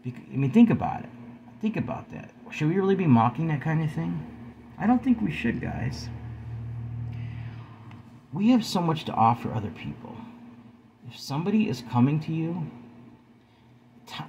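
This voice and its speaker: A fairly high-voiced man in his forties speaks to his viewers from home. His pitch rises and falls a lot as he preaches earnestly and keeps calling them guys. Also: very animated, normal speed, gravelly, long pauses, dark tone, dull audio, a little hiss or hum. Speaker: video host. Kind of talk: earnest spoken vlog talk.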